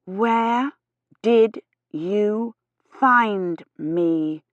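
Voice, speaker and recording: A woman's voice: fairly low pitch, moderate pace, fairly bright tone, dry recording, close to an everyday voice. A woman reading aloud, voicing a frightened young woman scholar who pleads anxiously. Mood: desperate. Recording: slightly dull, dry audio.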